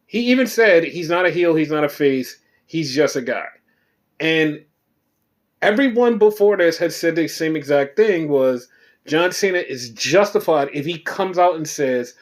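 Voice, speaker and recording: A man hosting a solo wrestling podcast, recapping casually with profanity and acting out quotes. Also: on the high side. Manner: animated, profane, reenacts quotes. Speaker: podcast host.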